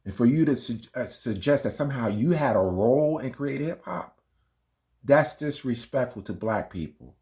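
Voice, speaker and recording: A man's voice: medium pitch, lively intonation, moderate pace, darkish tone. A man hosting a reaction video, talking casually and arguing emphatically between clips. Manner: emphatic, argumentative, fumbling with playback. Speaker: commentary channel host.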